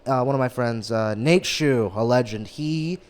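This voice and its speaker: A young man, a guest comedian, talking casually on a podcast and rambling through fillers and restarts into animated stories. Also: medium pitch, moderate pace, smooth. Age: young adult. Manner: animated storyteller who sings impressions.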